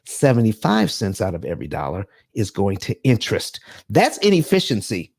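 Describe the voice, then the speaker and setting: A man's voice: fairly low pitch, wildly swooping pitch, normal speed, a little mellow, husky. A man hosting a live finance stream, talking emphatically in a preacher-like style with dramatic asides.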